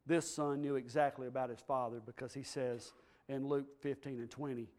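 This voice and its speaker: A man preaching as pastor, emphatic, swinging from low, quiet asides to loud, stressed lines. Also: fairly even intonation, normal speed. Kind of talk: sermon.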